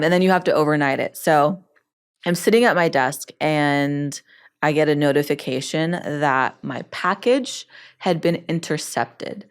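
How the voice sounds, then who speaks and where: A woman hosting her own show, telling a personal story in a lively way with laughs and quoted dialogue. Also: deep voice. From Egyptian family background. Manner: lively, animated retelling with laughs and acted-out quotes.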